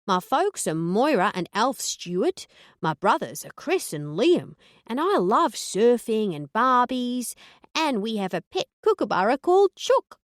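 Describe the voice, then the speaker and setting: Lady faking a ditzy aussie accent, bubbly young gal, pitched up and loud. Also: very animated, a little slow, no echo, clean studio sound. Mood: chirpy. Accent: put-on Australian. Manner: bubbly, overdone, chirpy. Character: ditzy chirpy young Australian woman, fake persona.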